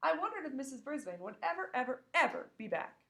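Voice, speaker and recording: A woman reading a children's book aloud, expressive and acting out the characters. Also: high voice, quick pace. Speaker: reader. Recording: echoey room.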